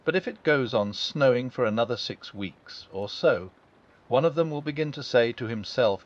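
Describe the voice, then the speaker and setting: A man reads a classic children's story in a calm, unhurried bedtime manner. His pitch still moves in a lively way. The recording has a dull, lo-fi quality. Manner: gentle and unhurried. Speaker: audiobook narrator.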